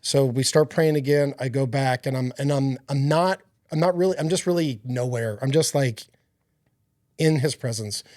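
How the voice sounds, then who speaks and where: A man's voice: medium pitch, normal speed, a little mellow, no echo, clean studio sound. A man speaking as a podcast guest, giving an earnest, rambling personal faith testimony with many fillers and restarts.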